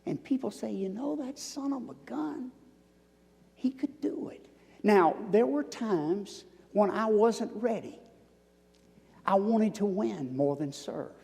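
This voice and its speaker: Gravelly Southern man in his sixties. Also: high-pitched. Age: 60s. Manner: storytelling, swings from loud emphasis to near-whispers. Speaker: guest lecturer. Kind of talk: public lecture answering audience. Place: lecture hall. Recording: long hall reverb.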